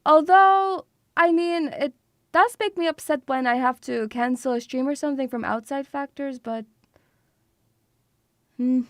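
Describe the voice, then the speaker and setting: Young woman streamer, high bright voice, swears and says sweetie a lot, dry close mic. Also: measured pace, long pauses, no echo. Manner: chatty, swears freely, calls viewers sweetie. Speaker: VTuber streamer. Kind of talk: casual livestream chat.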